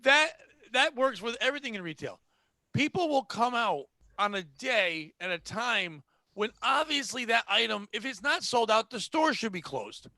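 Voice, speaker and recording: A man's voice: very high voice, sing-song, normal speed, sharp tone, no room sound. A man from Connecticut hosting a podcast, ranting about retail customers in a profane, exasperated way. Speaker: podcast host. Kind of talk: casual ranting chat.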